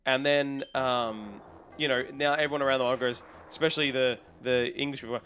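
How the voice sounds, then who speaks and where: An Australian man live-streams a game, casually chatting and answering viewers' messages in a loose, rambling way. His medium-pitched voice is steady, brisk, and a bit bright, with a little hiss or hum in the audio.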